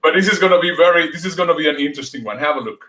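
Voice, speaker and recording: A man hosting a casual conversation, speaking haltingly with frequent fillers and laughs. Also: fairly high pitch, expressive, pushed and bright. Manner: halting, many fillers and restarts, laughs often. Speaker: host. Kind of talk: casual chat.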